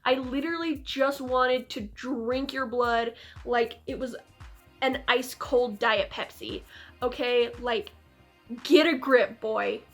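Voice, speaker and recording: A woman putting on a sarcastic young woman under a vampire's spell, mocking with slow, drawn-out delivery. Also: on the high side, fairly even intonation, faint music behind.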